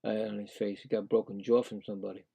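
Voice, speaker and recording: A man giving casual, excitable play-by-play of a hockey game, indignant and rambling with frequent restarts. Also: fairly low pitch, fast, creaky, slightly rough. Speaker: live play-by-play streamer.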